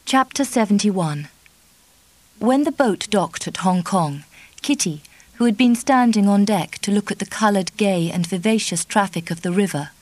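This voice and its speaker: Female audiobook narrator, mid-pitched, measured and even delivery. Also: dry recording, rough recording. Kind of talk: scripted narration.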